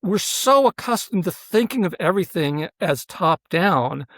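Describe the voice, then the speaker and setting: Earnest explaining man, slightly higher voice. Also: expressive, a little slow, a bit bright, dry recording. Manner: earnest, explaining, many fillers and "right?" check-ins. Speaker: professor and researcher, interview guest. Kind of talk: explanatory interview talk.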